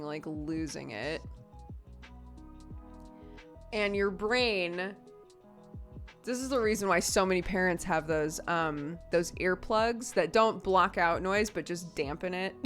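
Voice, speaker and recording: A woman's voice: on the low side, a bit bright. A woman in her thirties, a streamer chatting casually and candidly, swearing freely and laughing often. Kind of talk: casual chat.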